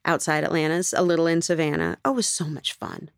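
A low-voiced woman with a gravelly fry talks through an interview in a loose, rambling way. She laughs easily between thoughts. The sound is dry and close. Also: very animated, fast, no room sound. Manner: chatty and rambling, laughs often. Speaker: actress being interviewed. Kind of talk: casual interview answers.

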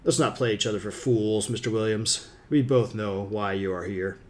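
Man reading smug villain, level voice, quiet menace, audiobook. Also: on the low side, normal speed, lightly acted. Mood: menacing calm. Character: calm menacing older male villain, smirking.

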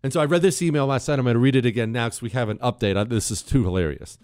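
Joking talk radio host, dry studio. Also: male voice, mid-range voice, rapid-fire, smooth, no echo. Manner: animated, joking, mock-indignant. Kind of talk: talk radio monologue and reading listener emails.

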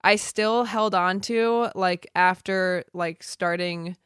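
Smooth low-voiced young woman, dry sound. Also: steady tone, takes it slowly, fairly bright tone, no room sound. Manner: earnest, reflective, filler-heavy. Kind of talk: casual chat.

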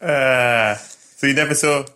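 A man's voice: mid-range voice, fairly even intonation, unhurried, pushed and bright. An English man hosting a podcast, chatting casually and telling his own story with frequent laughs. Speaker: podcast host. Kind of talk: casual chat, telling stories.

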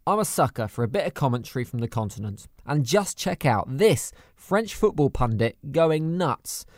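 Sarcastic comedy narrator. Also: male voice, medium pitch, big pitch swings, normal speed, darkish tone, no room sound. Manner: dry, sarcastic. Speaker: host. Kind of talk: sardonic scripted comedy narration.

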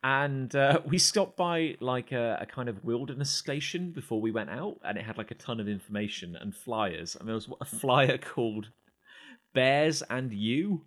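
A man co-hosting a casual podcast. His pitch swings widely as he spins anecdotes, and he laughs as he goes. He sounds like an easy, chatty storyteller. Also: moderate pace. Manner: storytelling, animated, laughs often. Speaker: podcast co-host. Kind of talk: casual chat.

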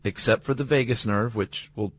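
A man's voice: mid-range voice, moderate pace, slight background noise. A man co-hosting a podcast, chatting casually about science with wry, joking asides. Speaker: podcast co-host.

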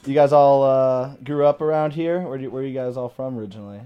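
A man's voice: mid-range voice, fast talker, clear, resonant tone, lo-fi sound. A man hosting a radio show, chatting with a band in a small studio and laughing easily. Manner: laid-back, laughs often, asks easy questions. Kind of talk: casual interview chat.

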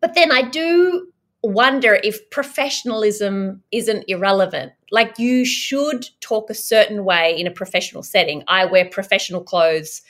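A woman's voice: medium pitch, moderate pace, a bit bright. A woman co-hosting a casual chat, musing aloud and arguing both sides of a question. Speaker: podcast co-host.

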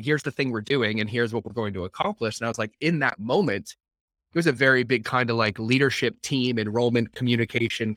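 A man hosting a podcast, chatting loosely and replaying little exchanges in a lively storytelling manner. His voice is bright and forward. The sound is close and dry, with no room around it. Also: medium pitch, no room sound. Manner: rambling, retells dialogue with lots of "I was like". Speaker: podcast host. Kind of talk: conversational podcast interview.

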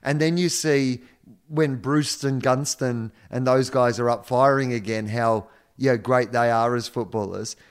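A man's voice: medium pitch, fairly even intonation, unhurried, clean tone. A man co-hosting a casual sports podcast, talking in a laid-back, rambling way with many fillers and restarts. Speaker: podcast co-host.

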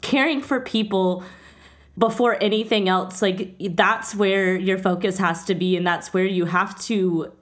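A woman's voice: medium pitch, steady tone, unhurried. A woman hosting a casual interview, talking earnestly and getting emotional at times. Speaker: podcast host.

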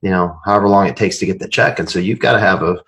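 A man's voice: sits low, rapid-fire, a bit bright, breathy edge. A man co-hosting a podcast in a laid-back way, who works as a banker and explains things plainly. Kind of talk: casual podcast chat.

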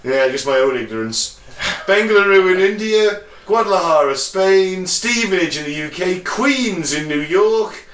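A man's voice: high-pitched, animated, normal speed, fairly bright tone, reverberant, distant mic. A man hosting a podcast, bantering casually, rambling, laughing and swearing freely. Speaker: podcast host.

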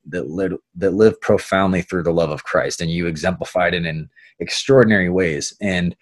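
A man's voice: low voice, husky, no room sound. A man who is a guest on a podcast, a veteran, speaking earnestly and affirmingly in a heartfelt conversation.

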